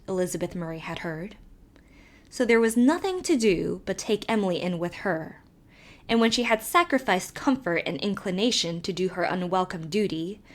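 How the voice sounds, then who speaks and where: Woman reading a classic novel aloud. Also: mid-range voice. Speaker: audiobook narrator. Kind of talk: scripted narration.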